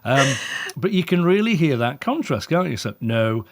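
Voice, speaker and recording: Animated man telling training stories. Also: fairly high pitch, moderate pace. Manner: animated, acts out quoted voices, frequent chuckles. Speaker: dog trainer, guest. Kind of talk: conversational interview storytelling.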